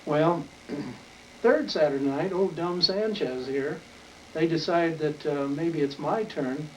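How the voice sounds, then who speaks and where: A man's voice: a little high, slow, darkish tone. An older man from Wyoming telling a rambling, folksy story in an oral history interview. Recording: distant mic with faint noise.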